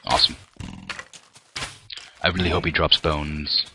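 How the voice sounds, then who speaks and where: A man's voice: extremely low pitch, flat delivery, measured pace, sharp tone, a little hiss or hum. A young man commenting on his own gameplay, often frustrated and ranting at the game with mild swearing. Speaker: gameplay video creator.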